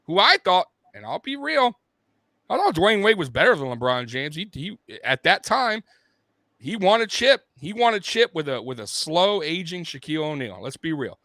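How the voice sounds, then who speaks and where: A man's voice: on the high side, very animated, normal speed, sharp tone, dry recording. A man hosting a sports show, ranting bluntly and with heavy profanity, like a fired-up fan. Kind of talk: casual sports rant.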